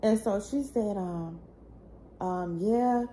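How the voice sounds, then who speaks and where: A woman's voice: medium pitch, a little slow, darkish tone, slight background noise. A young woman, telling her own painful family story in a raw, tearful, pleading way that rises when she gets upset. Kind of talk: emotional personal storytelling.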